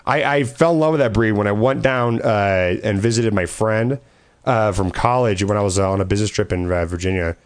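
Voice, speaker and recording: A man's voice: on the low side, fairly quick. A man in casual chat, telling loose stories with lots of swearing and laughter. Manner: rambling storyteller, swears a lot, laughs often.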